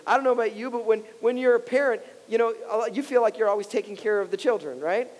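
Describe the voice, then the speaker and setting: Male pastor, 30s, high voice, casual chatty sermon delivery with playful quoted voices, long hall reverb. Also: fast talker, darkish tone. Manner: casual and conversational, acts out quoted voices, laughs often.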